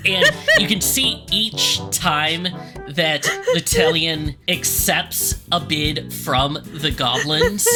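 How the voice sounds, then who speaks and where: Low voiced lady gm narrating the game, easygoing, guitar music behind. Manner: relaxed, amused narration. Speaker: game master. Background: background music.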